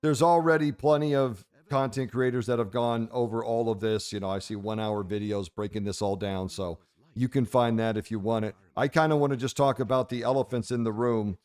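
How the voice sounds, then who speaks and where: A man's voice: medium pitch, fairly even intonation, fairly quick, darkish tone, clear, resonant tone. A man hosting a casual game commentary video, brash and profane, slipping into mock-preachy pronouncements. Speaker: host.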